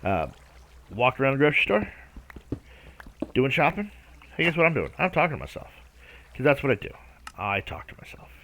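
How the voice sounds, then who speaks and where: A man's voice: medium pitch, wildly swooping pitch, brisk, long pauses, fairly bright tone, slight background noise. A man rambling through gameplay commentary, hesitant and self-talking, often stalling and humming nonsense syllables. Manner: rambling, hesitant, talks to himself; hums and scats nonsense syllables. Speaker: Minecraft let's-play host.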